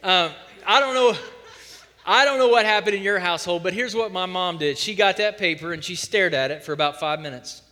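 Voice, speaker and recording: A man's voice: high voice, fairly quick. A man preaching a sermon as pastor of his church, telling stories and driving home points with strong emphasis. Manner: animated storytelling preacher, emphatic. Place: church sanctuary. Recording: church hall reverb.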